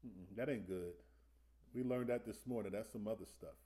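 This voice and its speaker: Mellow-voiced preacher man. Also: on the low side. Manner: conversational preaching with call-and-response questions; slows down to stress scripture. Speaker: preacher teaching Sunday school. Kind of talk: sermon.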